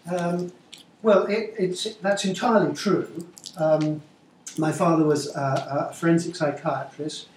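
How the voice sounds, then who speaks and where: Man reading aloud, measured and wry, somewhat high voice, echoey room, distant mic. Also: fairly even intonation, a little hiss or hum. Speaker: author reading his novel. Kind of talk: reading aloud then answering an interview. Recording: echoey room, far-off mic, faint ambience.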